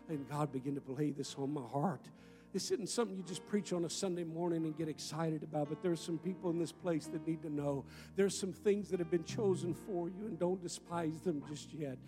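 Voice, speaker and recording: A man pastor preaching a sermon to his congregation in a church, his delivery swelling loud and falling to near whispers. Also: a little high, vocal fry. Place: church sanctuary. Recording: roomy hall with long reverb.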